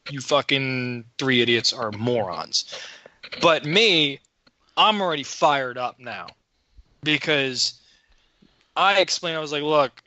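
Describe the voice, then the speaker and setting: A man's voice: medium pitch, lively intonation, slow, pauses often, sharp tone, dry recording. A man co-hosting a podcast, telling a story in a casual, profane, worked-up way. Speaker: podcast co-host.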